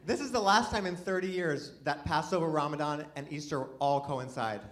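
A man's voice: on the high side, normal speed, fairly bright tone. A man performing a stand-up comedy set, chatty and self-deprecating, rambling with restarts. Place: comedy venue, live audience. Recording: live venue with audience laughter.

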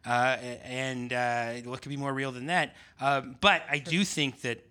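A man talking casually in a conversation, pausing often with fillers and restarts. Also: mid-range voice, fairly even intonation, sharp tone, clear, resonant tone. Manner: halting, many fillers and restarts. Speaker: writer and podcast guest.

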